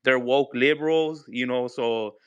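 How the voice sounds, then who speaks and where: A man with a Mexican accent speaks earnestly and casually, with plenty of "you know" fillers. His voice is smooth and resonant, recorded dry and close. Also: mid-range voice, a little slow, dry recording. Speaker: caller. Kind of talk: casual call-in chat.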